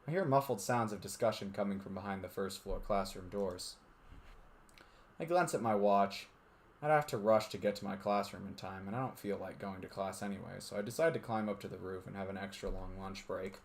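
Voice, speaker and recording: A man's voice: fairly low pitch, brisk, vocal fry. A man streaming with friends, reading visual novel narration aloud and chatting and laughing between passages. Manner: reads steadily, then laughs and banters. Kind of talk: narration read aloud, casual chat with friends.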